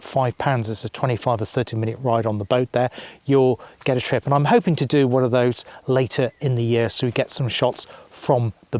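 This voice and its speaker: A man talks through a travel vlog outdoors in an easy, rambling way, often stopping to correct himself mid-sentence. His voice sits at an ordinary middle pitch. The sound is dry and close, with no echo around it. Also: a little mellow. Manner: rambling, self-correcting, chatty. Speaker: travel vlogger. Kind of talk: casual vlog narration. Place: outdoors by a quiet lake.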